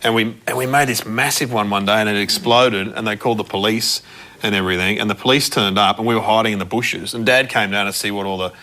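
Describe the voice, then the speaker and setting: A man's voice: on the low side, fairly even intonation, quick pace, pushed and bright. Man telling a comic story. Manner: laughs through his own stories. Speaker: comedian panellist. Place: TV studio with live audience.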